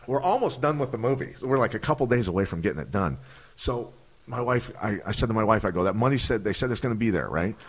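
Man, podcast guest, casual profane storytelling, acts out voices, animated, low pitch. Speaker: podcast guest, retired fighter.

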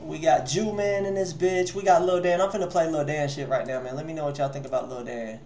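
Dude with a high voice running a music review stream, lots of slang and cussing, echoey room. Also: male voice, steady tone, fairly quick, darkish tone, a little hiss or hum. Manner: loose, slangy, swears freely. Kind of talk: casual livestream chat.

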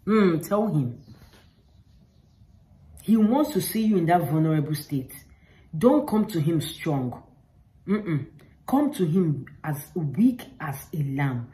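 Here a woman with a deep, dark-toned voice gives heartfelt, casual faith advice straight to the camera, repeating points to stress them. She speaks slowly with big pitch swings and frequent pauses, captured on a low-quality recording.

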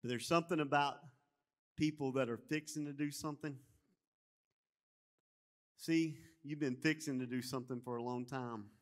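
A pastor from Alabama with a Southern accent, preaching a sermon and moving from folksy stories to loud, rising exhortation. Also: male voice, medium pitch, steady tone, normal speed, pauses often. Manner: builds from quiet storytelling to loud preaching; folksy, calls the congregation y'all.

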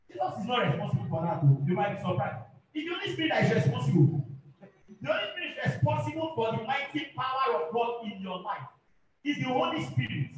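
A male pastor preaches fervently in a very high voice, repeating himself and calling for amens. He sounds far from the microphone in a big, booming, echoey hall. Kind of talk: sermon.

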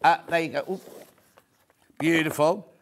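A middle-aged man presenting a live shopping channel, chatty and excitable, often raising his voice. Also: on the high side, unhurried. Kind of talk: live TV sales pitch. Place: TV studio.

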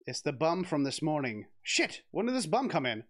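A man's voice: a little high, very animated, normal speed. A man streaming a text adventure game, reading the game text aloud with giggles, swearing and restarts. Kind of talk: casual let's-play commentary, reading game text aloud.

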